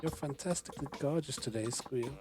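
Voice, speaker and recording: A man's voice: mid-range voice, fairly quick, close to an everyday voice. A man reading a fawning middle-aged client who begs and oinks, in a somewhat raised voice. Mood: begging. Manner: pleading, squeals and oinks.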